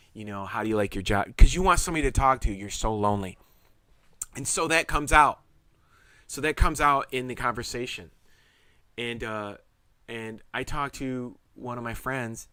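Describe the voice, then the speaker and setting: A man's voice: lowish voice, no echo. A middle-aged man telling his own story of surviving a serious illness, rambling and earnest, often repeating himself. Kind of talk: casual personal testimony.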